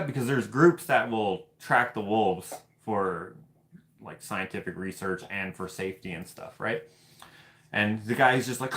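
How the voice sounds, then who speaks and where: A man from Canada hosting a casual livestream, telling stories in an animated, laughing, loosely profane way. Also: lowish voice, a little slow. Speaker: host of live hangout stream.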